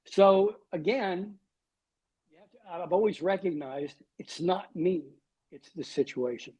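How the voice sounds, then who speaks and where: A man's voice: sits high, unhurried, darkish tone, husky, lo-fi sound. A man in his sixties, a guest on a podcast, telling wry, self-deprecating stories. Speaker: guest, TV weatherman. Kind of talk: storytelling in a podcast interview.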